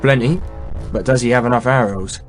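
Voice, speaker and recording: Brief: narrator doing a weathered old knight, wry and understated, faint music underneath. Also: male voice, mid-range voice, a little fast, natural voice. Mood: dry. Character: old seasoned English knight, dry and wry.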